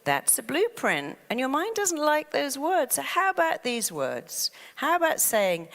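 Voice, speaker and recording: A woman's voice: a little high, unhurried. An older woman telling stories in a motivational talk, acting out the voices in people's heads. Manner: animated storytelling, acts out quoted inner voices. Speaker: therapist and self-help speaker. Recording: long hall reverb.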